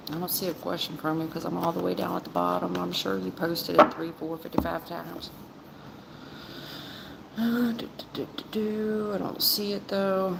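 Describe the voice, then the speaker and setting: A woman reading tarot on a livestream, blunt and a little sarcastic as she talks straight to her chat viewers and calls them baby and hon. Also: fairly low pitch. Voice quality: blunt, sarcastic-sounding delivery. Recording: echoey room with clear background noise.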